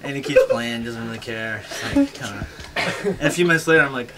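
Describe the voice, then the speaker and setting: Halting deadpan male comedian. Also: mid-range voice. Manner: halting, awkward deadpan with restarts. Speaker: stand-up comedian. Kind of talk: live stand-up set. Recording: loud noisy live recording.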